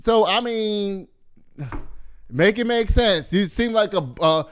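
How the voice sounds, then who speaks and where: High, smooth man ranting. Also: slow pace. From Texas. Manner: animated, profane and mocking, laughing often. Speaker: host. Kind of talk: casual commentary.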